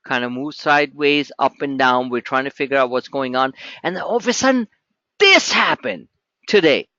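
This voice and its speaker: A man's voice: mid-range voice, expressive, normal speed, bright, forceful tone, dry recording, highs cut off. A man hosting a live trading webinar, talking emphatically and repeating himself as he walks viewers through charts. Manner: emphatic, repetitive, talks straight to viewers.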